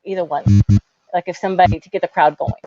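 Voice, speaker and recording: A woman from West Texas co-hosting a podcast in casual chat, animated as she tells stories and acts out the voices in them. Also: on the low side, fast talker, no room sound. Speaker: co-host. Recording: dull lo-fi audio with music behind.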